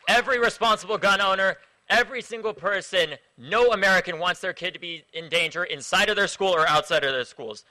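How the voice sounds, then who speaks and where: A young man delivers a rally speech outdoors into a handheld mic. His voice sits high and rings with a sharp, forceful brightness. He is impassioned and builds from grave, quiet passages to shouted calls. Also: low-quality recording. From Florida. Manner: impassioned, rising to shouted chants with the crowd. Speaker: activist speaker at a rally.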